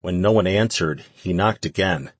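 A man narrating a fantasy audiobook in a steady, even reading. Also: low-pitched, moderate pace, no echo. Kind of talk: scripted narration.

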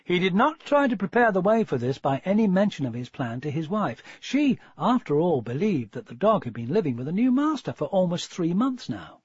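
Lively, husky male storyteller. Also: high voice, no echo. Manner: expressive, measured storytelling. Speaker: narrator. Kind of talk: audiobook story narration. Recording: dull, dry lo-fi recording.

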